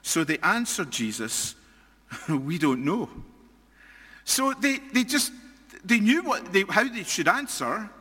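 A man's voice: sits high, big pitch swings, unhurried, pushed and bright, breathy edge, in a large hall. A Scottish man preaching a sermon, earnest and emphatic, often repeating and restarting phrases as he builds a point. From Scotland.

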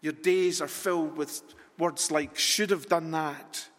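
Male preacher with a high voice, unhurried and deliberate; long reverb of a large church hall. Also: fairly even intonation, a bit bright. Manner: deliberate, repetitive rhetorical preaching with long pauses. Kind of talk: sermon. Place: church sanctuary.

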